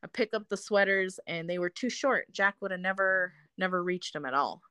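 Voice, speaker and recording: A woman's voice: fairly low pitch, normal speed, pushed and bright, smooth, no room sound, studio quality. A woman in casual conversation, telling a personal story with frequent laughs and free swearing. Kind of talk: casual chat.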